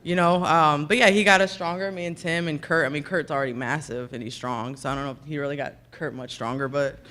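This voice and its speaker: A woman's voice: sits low, steady tone, fast talker, fairly bright tone. A woman in her thirties giving a rambling, chatty, self-deprecating acceptance speech at a ceremony breakfast, thanking people by name at a podium microphone. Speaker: hall of fame inductee giving a speech. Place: ceremony breakfast in a banquet room.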